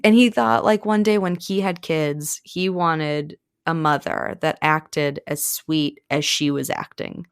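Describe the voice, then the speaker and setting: A woman's voice: sits low, slow pace, hardly any pauses, clean tone, dry recording, studio quality. A woman co-hosting a podcast, chattily retelling a novel's plot with lots of fillers. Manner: chatty, animated, many fillers. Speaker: podcast co-host. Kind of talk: casual book recap.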